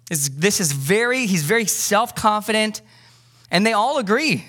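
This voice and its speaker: A male pastor delivers a sermon in a fairly high voice. He is animated and conversational, dropping joking asides and briefly acting out the disciples. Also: unhurried.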